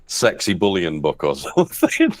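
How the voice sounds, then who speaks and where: A man's voice: low-pitched, wildly swooping pitch, normal speed. A man guesting on a casual live-stream chat, teasing the host with dry banter and chuckles.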